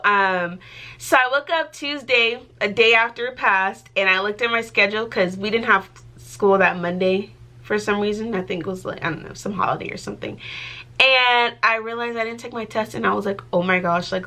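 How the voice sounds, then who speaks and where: A woman's voice: mid-range voice, normal speed, pushed and bright. A young adult woman talking casually to her vlog audience, chatty and giggly, with lots of filler words. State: pregnant. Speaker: vlogger.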